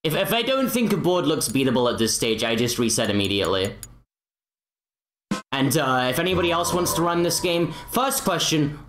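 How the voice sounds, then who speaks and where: A woman's voice: low-pitched, big pitch swings, moderate pace. A woman speedrunner giving casual commentary with wry, joking asides. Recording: echoey room with game music.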